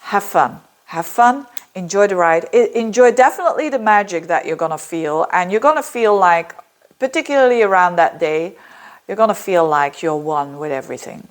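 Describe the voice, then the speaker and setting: Chatty astrologer woman, lowish voice. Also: normal speed. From Belgium. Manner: chatty, digressive, lively ups and downs. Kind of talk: casual monthly horoscope talk.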